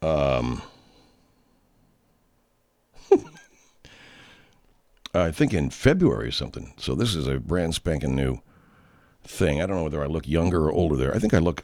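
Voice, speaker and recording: A man's voice: a bass voice, no room sound. A man hosting a comedy radio show, talking casually in a rambling, profane, self-deprecating way.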